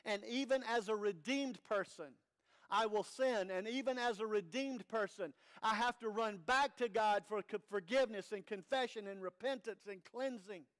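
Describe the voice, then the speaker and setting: A man's voice: high voice, moderate pace, fairly bright tone. A man preaching an earnest, conversational sermon as pastor, with rhetorical questions to the congregation.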